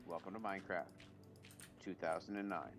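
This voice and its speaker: A man with a lowish voice talks over a game stream, delivering dry, matter-of-fact jokes. Faint music plays under his voice. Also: steady tone, normal speed. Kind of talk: casual gameplay chat.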